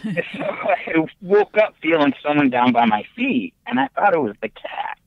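An excitable man spins his haunted-house tale on a podcast, his voice leaping up high at every twist. The line sounds dull and lo-fi, with no room echo at all. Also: normal speed, creaky. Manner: animated, excitable storytelling with big pitch jumps. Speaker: podcast guest. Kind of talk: casual storytelling on a podcast. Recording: dull, lo-fi remote audio.

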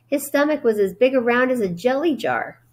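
A woman teacher reading a children's novel aloud, steady and gentle, with brief explaining asides. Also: sits high, fairly quick, slight background noise. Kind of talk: read-aloud storytelling.

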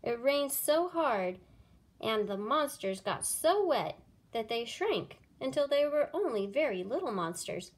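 A woman reading a children's storybook aloud for young listeners. Her voice sits fairly high and rises and falls in a lively, sing-song way. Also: measured pace. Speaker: children's book reader.

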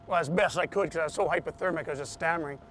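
High-voiced man telling a story. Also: rapid-fire, a little hiss or hum. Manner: animated retelling that acts out quoted voices. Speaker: interviewee, survivor telling his story. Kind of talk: personal storytelling in a TV interview.

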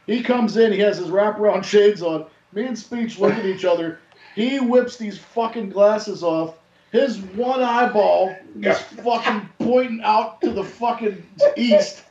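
Profane, animated storyteller with a high voice. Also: male voice, unhurried. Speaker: podcast host. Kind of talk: casual storytelling. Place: home. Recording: echoey, dull lo-fi room sound.

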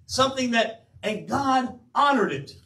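Older man, pastor, emphatic sermon, high voice; roomy church sound, mic at a distance. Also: measured pace. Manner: animated, emphatic preaching with quoted asides. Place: church sanctuary.

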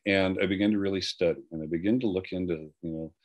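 An older man with a low, deep voice recounts his own story as a personal testimony. He speaks earnestly and haltingly, often restarting his sentences. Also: steady tone. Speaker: guest speaker.

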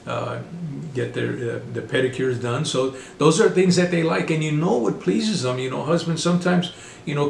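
A middle-aged man preaching a sermon, halting often with fillers and restarts. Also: medium pitch, gravelly, roomy sound, slight background noise.

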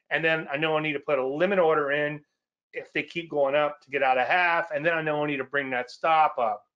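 A man hosting a casual market commentary show, talking in an animated, emotional way and often restarting words. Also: fairly high pitch. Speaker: host. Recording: dull lo-fi audio.

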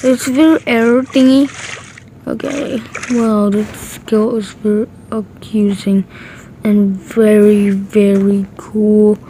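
A woman casually commenting on her own gameplay, excitable and repeating short exclamations. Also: mid-range voice, slow pace, slight background noise, low-quality recording. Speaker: gaming channel host.

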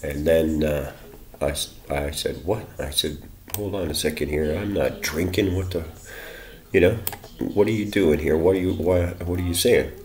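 Very deep-voiced man telling a rambling story. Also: normal speed, a little mellow. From Canada. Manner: rambling, profane, quotes others in bursts. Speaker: vlogger. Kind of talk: rambling personal account.

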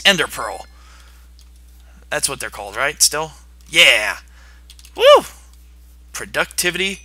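A man's voice: a little high, wildly swooping pitch, slow pace, long pauses, pushed and bright, a little hiss or hum. A young man giving playful gameplay commentary and taunting the monsters on screen. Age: young adult. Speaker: gaming video host.

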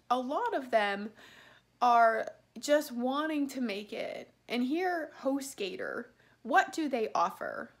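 A woman ranting indignantly in a personal vlog about a service she feels cheated by, repeating herself as her anger builds. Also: fairly high pitch. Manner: indignant, repetitive, drops to whispers when praying. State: angry. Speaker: customer complaining about a web host. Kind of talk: angry personal rant vlog.

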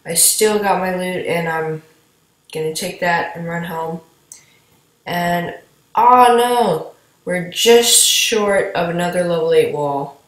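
A woman's voice: fairly low pitch, takes it slowly. A woman giving casual, rambling commentary while playing a game and talking to her viewers. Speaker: gameplay commentator. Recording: echoey room.

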